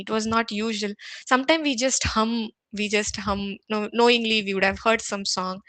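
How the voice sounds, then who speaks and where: Woman, soft earnest devotional talk, dry close sound. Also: on the high side, dry recording. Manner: gentle, earnest, with frequent restarts and repeated words. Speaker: devotional speaker. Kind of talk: morning devotional sermon.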